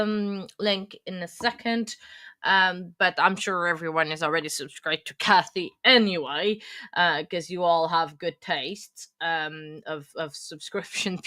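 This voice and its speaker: A woman's voice: medium pitch, bright, forceful tone, no room sound. A woman hosting a casual chat, gushing about another creator with lots of fillers. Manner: chatty, gushing, many fillers. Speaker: host.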